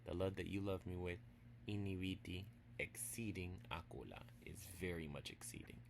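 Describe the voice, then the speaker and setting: A man giving a casual language lesson, playful and teasing, spelling words out slowly piece by piece and dropping into quiet asides. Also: low-pitched, gravelly, noisy background. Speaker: language teacher.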